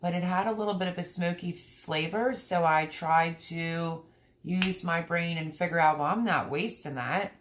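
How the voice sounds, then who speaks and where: A woman's voice: fairly low pitch, moderate pace, a little hiss or hum. A middle-aged woman hosting a homestead livestream, reading viewer comments aloud in a chatty, heartfelt way from her home. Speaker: homesteading channel host reading live chat. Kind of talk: casual livestream chat. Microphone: streaming setup.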